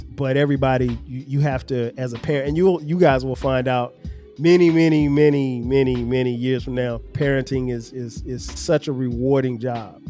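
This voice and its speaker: A middle-aged man hosts a family podcast and reflects earnestly on being a father. He explains at length, often restarting his sentences, in a mid-range voice. Soft music plays faintly behind him. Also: medium pitch.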